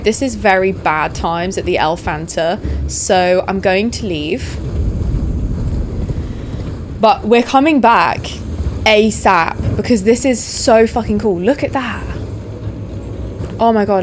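A young woman playing a video game, chatting casually to viewers and getting excited and swearing as she explores. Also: mid-range voice. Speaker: let's play host. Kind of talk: casual gameplay commentary. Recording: background noise under voice.

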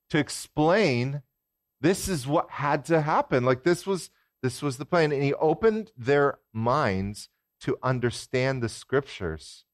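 A man giving a sermon as guest preacher in a church, talking in a relaxed, conversational way and putting questions to the congregation. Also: mid-range voice, no echo, studio quality.

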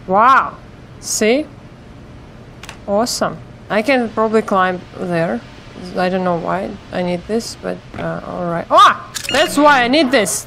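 A woman's voice: medium pitch, a bit bright, a little hiss or hum. A woman commenting on her own gameplay, swearing a lot and shrieking when startled. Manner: swearing, yelping and shrieking at scares; talks to herself and the viewers. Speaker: gamer playing a let's play.

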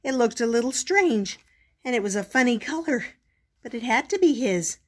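An older woman reading a picture book aloud as a storytelling grandmother, gentle and expressive. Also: on the high side, normal speed.

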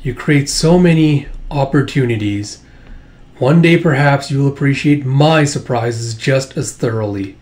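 A man's voice: mid-range voice, measured pace, a little mellow, lightly acted. A man reading a scheming old wolf lord. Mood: mocking.

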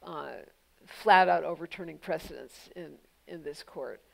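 Gravelly low-voiced woman speaker. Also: a little slow, poor audio. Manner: thoughtful, pointed, frequent "you know" fillers. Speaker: guest speaker, legal journalist. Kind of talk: public onstage conversation answering audience questions.

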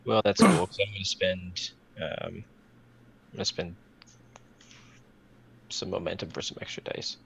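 A man's voice: low voice, big pitch swings, a little slow, gravelly, pauses often, a bit bright, slight background noise. A man playing a tabletop role-playing game, talking casually and muttering asides while he rolls. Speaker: player.

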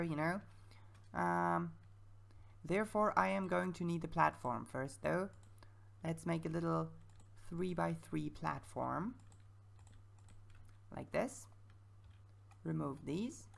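A woman giving casual gameplay commentary as a let's-play creator, thinking aloud in a chatty, self-mocking way. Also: on the low side. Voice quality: gravelly voice.

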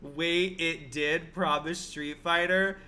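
A man's voice: on the high side, fairly even intonation, slow pace, bright, forceful tone. A man streaming a game live, talking to his viewers in a dramatic, exclamatory and profane way. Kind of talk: casual live gaming commentary.

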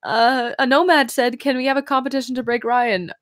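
Woman from Canada, stream guest: high and bright, slow, giggly, teary, reading chat. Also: steady tone, no echo, studio quality. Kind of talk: casual livestream chat.

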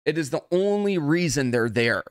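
A man's voice: fairly high pitch, lively intonation, moderate pace, dry recording, studio quality. A man working as a trading mentor, ranting angrily and swearing heavily on a livestream. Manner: angry, heavily profane. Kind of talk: livestream rant.

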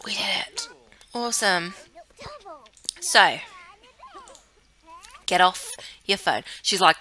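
Young cornish girl doing a lets play, bright voice, chatty, eggs her sim on, little whispers here and there. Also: medium pitch, slow pace, pauses often. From Cornwall, England. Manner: chatty, coaxing her character, bursts of giggles, trails off into whispers. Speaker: gameplay YouTuber. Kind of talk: casual let's-play commentary.

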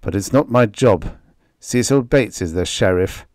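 A man's voice: fairly low pitch, expressive, measured pace, darkish tone, no echo, clean studio sound. A man voicing a defensive, stubborn rancher husband in an audiobook reading.

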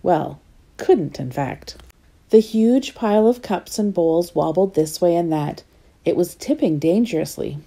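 A woman's voice: on the low side, moderate pace, warm tone. A woman reading a children's storybook aloud in a playful way, asking the listener questions.

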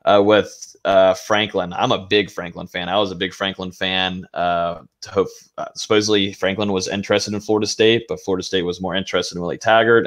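A young man with a deep, low voice co-hosts a casual sports talk show. He is laid-back and rambles through his thoughts. He laughs easily at his partner's jabs. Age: young adult. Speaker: co-host, team analyst.

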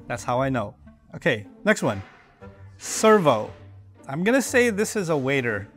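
A man's voice: medium pitch, big pitch swings, measured pace, soft background music. A man casually and playfully guessing the meaning of slang words, thinking aloud and joking at his own guesses. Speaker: speaker reacting to slang list. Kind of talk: casual comedic monologue.

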